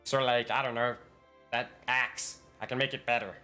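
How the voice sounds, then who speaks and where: A man's voice: mid-range voice, little pitch movement, moderate pace, pushed and bright, faint music behind. A man running a tabletop role-playing game over voice chat, stammering and laughing as he explains things. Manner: stammering, laughing, restarts often. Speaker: game master.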